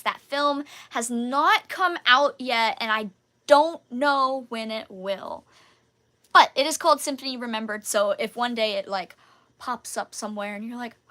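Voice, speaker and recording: Bright, bubbly young-sounding woman. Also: fairly high pitch. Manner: bubbly, chatty, giggly. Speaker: channel host answering viewer questions. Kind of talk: casual live Q&A chat.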